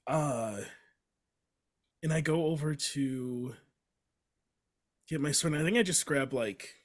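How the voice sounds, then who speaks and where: Man, tabletop player, casual hesitant talk, lots of fillers, unhurried. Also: a little high. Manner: hesitant, many fillers, thinking aloud. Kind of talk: casual tabletop role-play.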